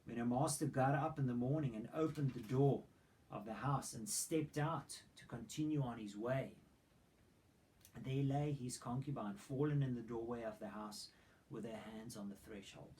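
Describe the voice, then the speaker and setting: A man's voice: mid-range voice, normal speed, darkish tone, poor audio. A man preaching a sermon. He retells a Bible story dramatically and throws in rhetorical questions. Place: church hall.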